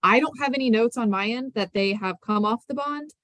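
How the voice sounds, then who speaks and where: A woman's voice: fairly high pitch, fairly quick, fairly bright tone, no echo. A woman from the northern US lays out a confusing case in court. She is hesitant and careful, with many fillers. The sound is dry and close.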